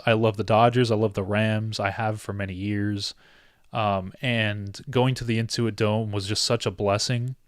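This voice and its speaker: A man's voice: medium pitch, dry recording, studio quality. A young man hosting a sports live stream, talking earnestly and emotionally to his viewers with many restarts.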